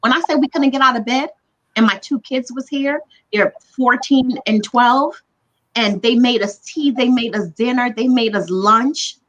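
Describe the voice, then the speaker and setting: A woman's voice: on the high side, unhurried, a bit bright, dull audio. A woman telling her own story as a livestream guest, earnest and emotional, repeating words for emphasis over a video call. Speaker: guest recounting her illness.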